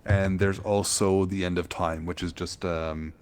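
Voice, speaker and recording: Low-voiced male podcast co-host, rambling casual explainer. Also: steady tone, a little slow, a little mellow, clean tone. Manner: rambling explanations full of filler words. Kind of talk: casual chat.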